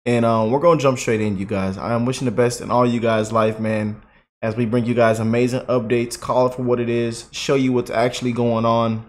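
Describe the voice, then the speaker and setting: A man's voice: mid-range voice, little pitch movement, brisk. A man hosting a casual commentary vlog, slangy and mocking, with lots of asides to his viewers. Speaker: political commentary YouTuber.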